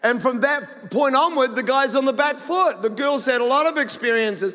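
A man's voice: very high voice, moderate pace, hardly any pauses, sharp tone, big-room sound. A man with a New Zealand accent preaching a sermon as pastor, talking in a conversational, humorous storytelling way.

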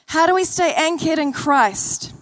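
At a church service, a woman preacher gives an earnest sermon, telling stories and repeating key phrases. Her voice sits high and a bit bright, and she speaks a little slowly.

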